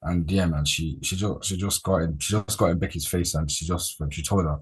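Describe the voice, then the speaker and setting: Man, very low voice, husky, casual wrestling talk. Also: brisk, few pauses. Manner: relaxed, rambling, slangy. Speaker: podcast host.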